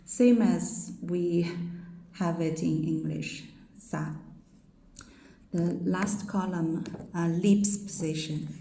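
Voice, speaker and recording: A woman's voice: lowish voice, slow pace, pauses often, mellow, roomy sound, slight background noise, rough recording. A woman teaching a pronunciation lesson, explaining each sound and repeating syllables for the learner to copy. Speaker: language teacher.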